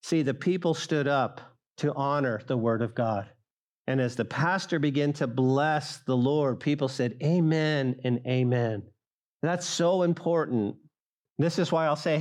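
A middle-aged male pastor preaching a sermon, speaking straight to the congregation and rising loud for emphasis. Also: a little high, unhurried. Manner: acts out quoted voices of listeners.

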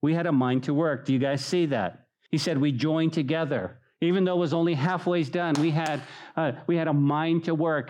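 Animated preacher man. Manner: animated, acts out mocking voices with high pitch; conversational, addresses listeners as "guys". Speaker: pastor. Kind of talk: sermon.

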